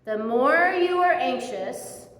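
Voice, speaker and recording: A woman giving a casual, conversational sermon in a church, telling the story in a chatty and animated way. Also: high-pitched, slow. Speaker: speaker giving a church message. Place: church hall. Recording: echoey hall with long reverb.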